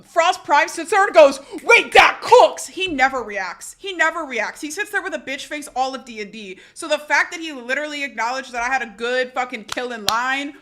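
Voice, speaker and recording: A young woman streamer telling a rambling, excitable story in casual live-stream chat. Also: high voice, brisk, few pauses, slight background noise.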